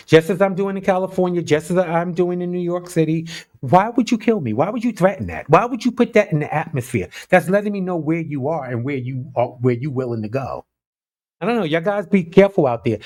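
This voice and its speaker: A man talking through the day's news in a casual, conversational way. His voice sits a little high and swings widely in pitch as he reacts with open disbelief and speaks straight to his viewers. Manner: animated, incredulous, talks straight to viewers. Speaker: news commentary vlogger.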